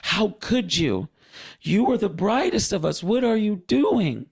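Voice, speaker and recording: A man's voice: high voice, big pitch swings, measured pace, creaky, husky, voice pushed up, heavily acted. A man voicing an emotional male archangel who cries out in anguished questions. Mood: distraught.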